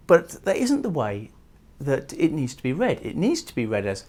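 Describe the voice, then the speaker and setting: A man giving a recorded poetry lecture who reads verse aloud and talks with lively emphasis, pushing key words up in pitch and volume. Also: moderate pace. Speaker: literature lecturer.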